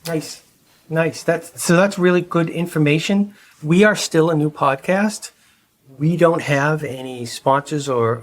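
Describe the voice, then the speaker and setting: A man hosting a podcast, asking friendly, rambling questions. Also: on the high side. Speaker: podcast host. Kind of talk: conversational interview.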